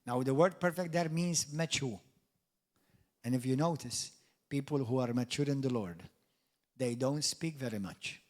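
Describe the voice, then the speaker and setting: A middle-aged man preaching a sermon with emphatic swings in loudness, dropping in jokey asides. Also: mid-range voice, normal speed, pauses often. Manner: jokey asides and mock quotes of doubters. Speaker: pastor.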